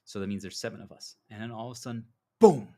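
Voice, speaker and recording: A man's voice: lowish voice, very fast. A man delivering a preachy motivational monologue as a self-styled spiritual guide, telling stories and acting out dialogue. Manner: preachy, animated storytelling with acted dialogue.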